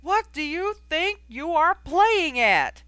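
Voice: very high voice, sing-song, slow, no echo, voice pushed up, heavily acted. A reader voicing an enraged male team captain who bellows at a player in an audiobook reading. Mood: furious. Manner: shouting, bellowing orders.

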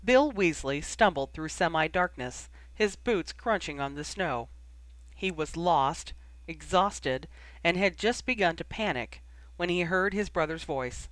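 A man narrates a story in a steady, even reading voice, pitched a little high. The recording is close and dry, with no room echo. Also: measured pace. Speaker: audiobook reader. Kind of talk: fan fiction audiobook narration.

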